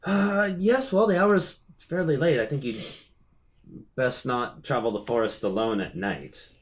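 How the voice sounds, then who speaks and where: A man's voice: mid-range voice, unhurried, lightly acted. A man voicing a cheerful old woman, a retired adventurer turned hermit druid, with a folksy, rambling, hospitable manner. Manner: warm, folksy, rambling hostess.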